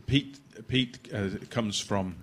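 A man introducing a guest speaker at church, hesitant with many fillers and gently joking. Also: lowish voice, slow pace. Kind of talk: church announcement.

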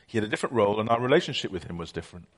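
A man's voice: lowish voice, lively intonation, racing. A middle-aged man preaching a conversational sermon, telling stories with many fillers.

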